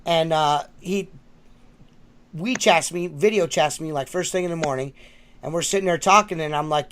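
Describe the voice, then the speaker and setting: A man hosts a loose podcast chat in a high, gravelly voice. He swears freely and laughs easily as he tells his stories. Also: normal speed, fairly bright tone. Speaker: podcast host. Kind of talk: casual chat.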